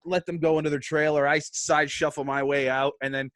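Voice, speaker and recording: The voice is male, somewhat high, and brisk, recorded at studio quality with no echo. He's a podcast guest spinning a casual story, cursing freely and acting out other people's quotes with lots of energy.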